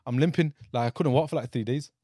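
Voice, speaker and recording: A young man co-hosting a casual podcast, animated and excitable, often laughing. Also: medium pitch, quick pace, no echo, clean studio sound. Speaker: podcast co-host.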